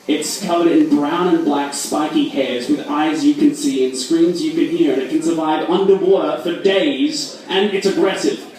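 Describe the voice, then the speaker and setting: A young man from Australia with a mixed Australian and American accent, doing a self-deprecating stand-up set with quick asides and audience banter. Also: on the high side, fairly even intonation, a little mellow. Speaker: stand-up comedian. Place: large echoey hall at a fundraiser. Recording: echoey hall from far off.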